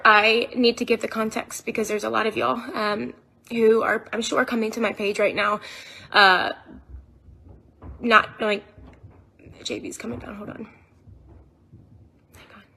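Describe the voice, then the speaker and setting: A woman telling her own account to viewers on a phone video, rushed and shaken, full of fillers and restarts. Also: a little high, a bit bright, slightly rough. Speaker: mother telling her side in a social media video.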